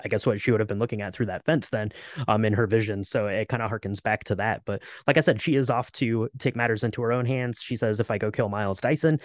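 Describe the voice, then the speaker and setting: A man's voice: fairly low pitch, fast talker, no echo, clean studio sound. A man co-hosting a podcast, casually recapping a film with lots of fillers and restarts. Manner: relaxed, many fillers and restarts. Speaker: podcast co-host. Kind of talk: casual movie recap chat.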